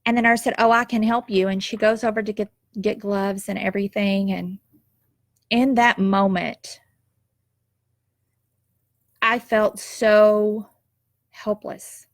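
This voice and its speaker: A woman's voice: mid-range voice, steady tone, normal speed, dry recording, studio quality. Heartfelt woman telling her story. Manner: emotional, tearful at times, heartfelt and reflective. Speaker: nurse sharing a personal story. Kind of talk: personal storytelling monologue.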